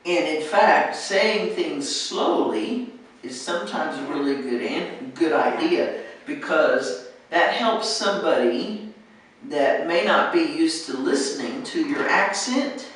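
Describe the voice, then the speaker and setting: An American woman teaching pronunciation, patiently encouraging and saying words slowly to model them. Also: deep voice, lively intonation. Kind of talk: one-on-one pronunciation coaching. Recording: echoey room, distant mic, faint noise.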